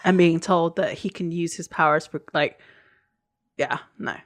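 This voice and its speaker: A woman's voice: deep voice, fairly even intonation, a little slow. A woman co-hosting a podcast, talking through a TV episode in a rambling, thoughtful way. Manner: thoughtful, rambling, trails off mid-sentence. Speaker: podcast co-host. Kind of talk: casual chat discussing a TV episode.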